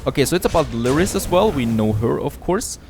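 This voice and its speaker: Gravelly man narrating his gameplay. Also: mid-range voice, big pitch swings, fairly quick, darkish tone, faint music behind. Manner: upbeat, admires the scenery aloud. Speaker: let's play host. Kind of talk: casual gameplay commentary.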